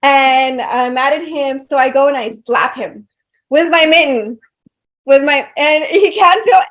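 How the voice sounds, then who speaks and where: A woman from South Texas with a high voice tells stories on a podcast. She is animated and chatty and fills her talk with little fillers. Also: measured pace. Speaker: guest. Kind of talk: casual podcast storytelling.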